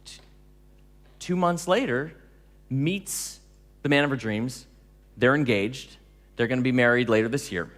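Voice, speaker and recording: A man giving a storytelling talk to an audience, animated, laughing often and acting out dialogue. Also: medium pitch, measured pace, pauses often, in a large hall. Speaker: speaker telling stories to an audience.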